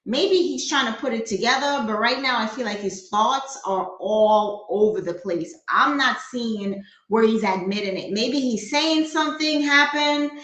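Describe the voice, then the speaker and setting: A woman's voice: on the high side, unhurried, few pauses, fairly bright tone. Blunt New woman in an echoey room. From New York. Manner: blunt, skeptical, talks back at the clip. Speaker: live stream host. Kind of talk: casual crime commentary.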